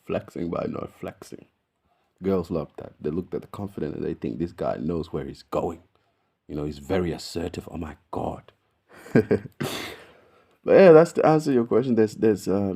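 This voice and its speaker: A man's voice: sits low, gravelly. An Australian man hosting a video, telling rambling stories with lots of slang and swearing. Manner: slangy, profane, rambling, animated storyteller. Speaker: video host. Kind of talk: casual storytelling to camera.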